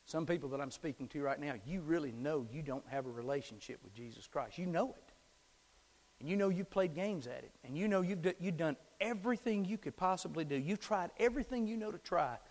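A middle-aged man preaching a sermon as a pastor, swinging from hushed whispers to shouted climaxes. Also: fairly high pitch, expressive, brisk, in a large hall. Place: church sanctuary.

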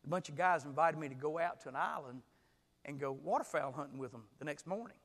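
A man preaching a sermon as pastor, swinging from hushed storytelling to shouted exclamations. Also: fairly high pitch, animated, fast talker, in a large hall.

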